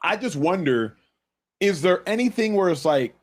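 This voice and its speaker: Male sports panelist, provocative, full of analogies, animated delivery. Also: high-pitched, normal speed. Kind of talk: sports debate show talk.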